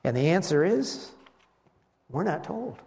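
A man delivers a sermon with a lively, high-pitched voice that swoops up and down. He often slows almost to a halt to stress single words. The sound carries a long reverberant hall tail. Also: creaky. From West Michigan. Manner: animated preaching, slows for emphasis. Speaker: pastor.

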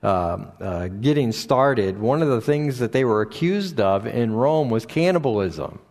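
A man preaching a sermon and reading scripture aloud, often restarting his sentences, and going higher in pitch when he stresses a point. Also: lively intonation, darkish tone. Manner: halting, with frequent restarts and fillers; rises in pitch for emphasis when paraphrasing. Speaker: pastor. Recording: long hall reverb.

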